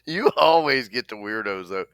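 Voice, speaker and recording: Bright-voiced male podcast co-host. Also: lowish voice, lively intonation, normal speed, clear, resonant tone, no echo, studio quality. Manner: laughing, chiming in with reactions. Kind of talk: casual chat.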